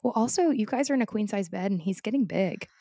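A woman's voice: mid-range voice, lively intonation, fast talker, warm tone, no room sound, clean studio sound. A woman in her twenties co-hosting a podcast, chatting casually and reacting with short sympathetic remarks. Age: 20s. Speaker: podcast co-host. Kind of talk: casual chat.

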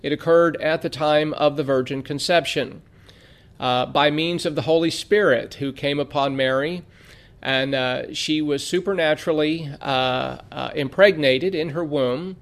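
A man teaching a theology lesson in a measured way, reading scripture aloud with frequent "uh" fillers. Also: a little high. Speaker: Bible teacher. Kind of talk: theology lecture.

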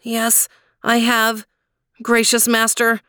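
A woman doing timid young John, higher and soft. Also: measured pace, dry recording, studio quality. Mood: sorrowful. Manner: soft, trembling, earnest. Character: timid honest young male servant boy.

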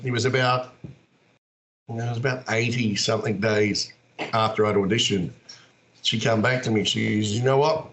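Aussie guest, middle-aged man, lowish voice, lively storyteller, faint room hum. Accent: Australian. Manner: animated, acts out quoted voices. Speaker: guest, wrestler and actor. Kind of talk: casual storytelling.

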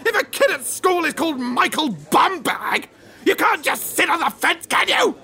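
A man's voice: very high voice, very animated, moderate pace, creaky, pushed and bright, full character voice. A man playing an exasperated man reacting with incredulous outbursts in a comedy sketch. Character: exasperated man caught in a silly name craze.

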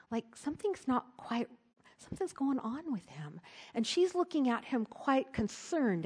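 Husky-voiced woman telling a story. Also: a little high. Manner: earnest storytelling, drops to a soft hush at tender moments. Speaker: speaker at a church service. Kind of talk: storytelling sermon.

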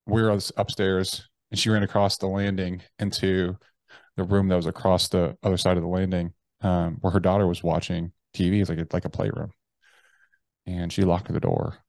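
A man, a podcast guest, telling a personal story bluntly and profanely, with halting restarts. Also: sits low, little pitch movement, darkish tone, no room sound. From United States. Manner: blunt and profane, with slangy address.

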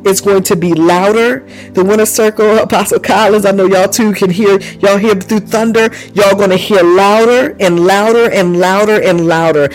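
A man's voice: high-pitched, fairly even intonation, normal speed, few pauses, faint music behind, rough recording. A man preaching a charismatic sermon, fervent and repetitive, with bursts of praise and speaking in tongues. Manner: exclaims praise often.

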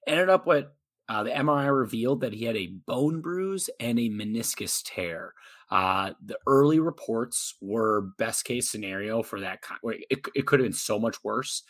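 A man's voice: mid-range voice, moderate pace. A man co-hosting a sports podcast, talking casually with lots of fillers and jokes. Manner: relaxed, filler-heavy, joking. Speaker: podcast co-host.

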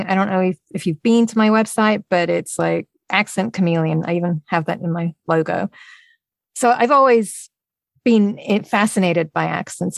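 A woman's voice: mid-range voice, vocal fry, dry recording. A woman with an English accent, an audiobook narrator chatting casually as a podcast guest and laughing easily. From England.

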